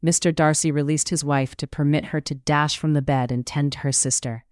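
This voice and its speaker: An audiobook narrator reading a period romance in an even, measured way, close to the mic. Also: medium pitch, dry recording. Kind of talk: scripted narration.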